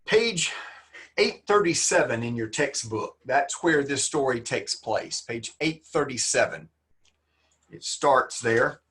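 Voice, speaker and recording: A man's voice: medium pitch, big pitch swings, slow, a bit bright. A man, teaching a literature class online in a folksy, joking, encouraging manner.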